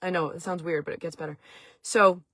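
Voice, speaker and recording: A middle-aged woman with a Maine accent talks on a casual home stream in a fairly low voice. She rambles warmly through her story with lots of "like" and restarts. The sound is dry and close, with no room around it. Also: fairly even intonation, a little fast, no room sound. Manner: chatty, emotional, many fillers and restarts; talks to viewers in the chat. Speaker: host of a chat stream.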